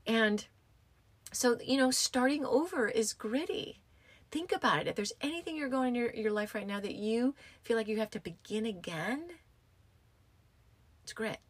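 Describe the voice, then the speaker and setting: A woman's voice: fairly high pitch, moderate pace, slightly rough, no echo. A woman in her fifties, a yoga teacher hosting a podcast, talking in a casual, emphatic motivational way and repeating her key phrases. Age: 50s.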